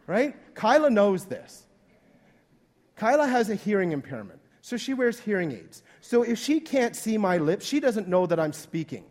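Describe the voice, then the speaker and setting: Man, pastor, high voice, chatty sermon, acts out quotes. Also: big pitch swings, normal speed, a little mellow. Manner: conversational, acting out quoted voices.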